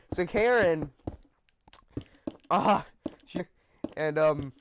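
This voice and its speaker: Man, casual storytelling vlog, rambling, slow pace, noisy recording. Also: fairly high pitch. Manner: rambling, casual, trailing off with fillers.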